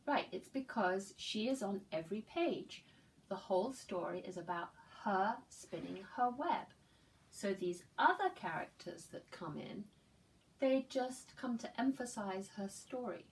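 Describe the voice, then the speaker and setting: A woman preschool teacher reading a picture book aloud to young children, slow and gentle, pausing to ask simple questions. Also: medium pitch, animated, distant mic, slight background noise, poor audio. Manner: slow, gentle, with loud animal sounds in the story.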